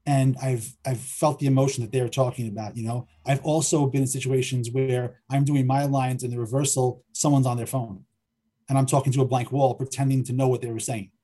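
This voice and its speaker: A middle-aged man, a filmmaker and writer, talking through his process in a relaxed interview, often repeating words as he thinks. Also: mid-range voice, fairly quick. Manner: hesitant, repeats words while thinking aloud. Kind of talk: conversational interview.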